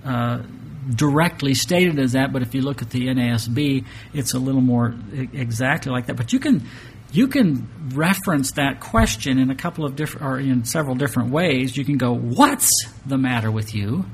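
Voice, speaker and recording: In a church sanctuary with a map projected on screen, a pastor delivers an expository Bible lesson in a conversational style. His medium-pitched voice is expressive and moves at a normal speed, and he often restarts phrases and poses rhetorical questions to the congregation. There's slight background noise.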